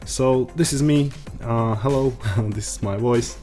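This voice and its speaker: A man with an Eastern European accent giving a screen-recorded software tutorial, pausing often with uh and um. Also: medium pitch, soft background music. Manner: hesitant, frequent uh and um fillers.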